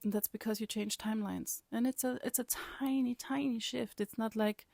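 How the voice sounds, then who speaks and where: A woman casually telling a personal story in her vlog, rambling and animated, often laughing and sometimes dropping to a whisper. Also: fairly high pitch, normal speed, creaky, no room sound. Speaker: vlogger.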